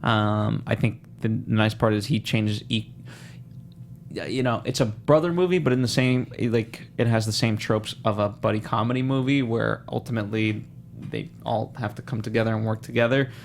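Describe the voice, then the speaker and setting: A man talks through a film in a casual review chat, his voice gravelly with a touch of fry. He is animated and slips into quick character voices when he quotes scenes. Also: fairly low pitch. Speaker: podcast co-host.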